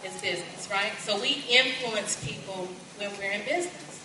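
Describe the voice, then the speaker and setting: A woman in her forties with a Kentucky accent, preaching at a conference in a lively, folksy way. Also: medium pitch, normal speed. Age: 40s. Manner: lively, folksy, calls out to the crowd. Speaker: pastor. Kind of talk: conference sermon. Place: large conference hall. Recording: echoey hall, distant and noisy.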